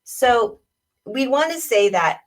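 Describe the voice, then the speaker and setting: A woman's voice: fairly high pitch, lively intonation, takes it slowly, far from the mic. A woman diabetes educator on a webinar, speaking conversationally and acting out little exchanges with patients. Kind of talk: webinar talk. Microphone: video call.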